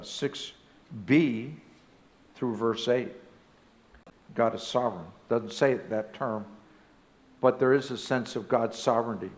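A man's voice: medium pitch, creaky. Emphatic male pastor preaching a sermon. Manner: emphatic, rising to loud exclamations. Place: church sanctuary.

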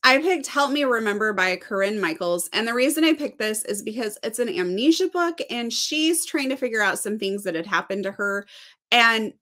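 A woman's voice: a little high, normal speed. A woman, a teacher and co-host of a book channel, talking casually and expressively about books she loved. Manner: expressive, animated storytelling.

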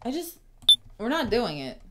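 A woman's voice: a little high, very animated, a little slow. A woman casually commenting on a game she plays, joking, swearing and laughing often. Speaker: streamer. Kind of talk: casual let's-play commentary. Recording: loud game music behind.

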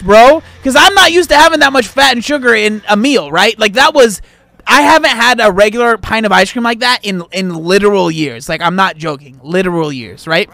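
A man hosting a casual vlog, ranting in an exasperated, animated way and tossing in "dude" and "bro". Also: high voice, moderate pace, gravelly, no room sound, soft background music. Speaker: food vlogger host.

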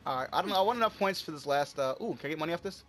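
Excitable man over game gunfire. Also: fairly high pitch, racing, background noise. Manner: excitable, swears often, yelps when under fire. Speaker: gamer. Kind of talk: casual gameplay commentary. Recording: game gunfire loud under the voice. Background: gunfire and explosions from the game.

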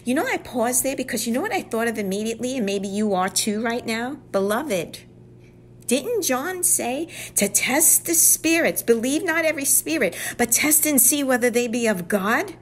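A woman's voice: fairly high pitch, lively intonation, normal speed, slight background noise. A woman giving a devotional Bible teaching. She speaks earnestly and often drops to a whisper for emphasis.

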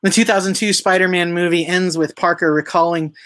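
A pastor preaches in a relaxed, conversational way. The sermon is full of questions put to the listeners, with the odd filler and self-correction along the way. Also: medium pitch, a little fast.

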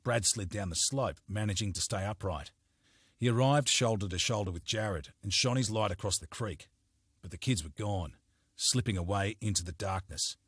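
A man narrating a crime novel as an audiobook in a steady, measured storytelling manner, recorded on a close studio mic. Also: lowish voice, husky, dry recording.

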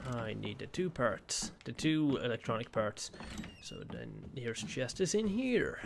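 Gravelly man doing joking game commentary. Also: mid-range voice, a bit bright, slight background noise. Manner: joking, swears freely. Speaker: gaming channel host. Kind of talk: casual let's-play commentary.

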